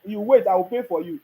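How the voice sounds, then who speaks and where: Brief: Nigerian man, very high voice, scolding political commentary, laughs often. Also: a little mellow, rough recording. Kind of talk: ranting monologue.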